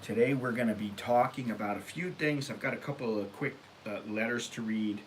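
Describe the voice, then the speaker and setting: A middle-pitched American man talks straight to camera in a loose, rambling monologue, blunt and opinionated, and his voice climbs when he gets going. A faint hiss sits under the recording. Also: a little fast. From United States. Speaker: vlog host. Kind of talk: casual vlog monologue. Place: Thailand.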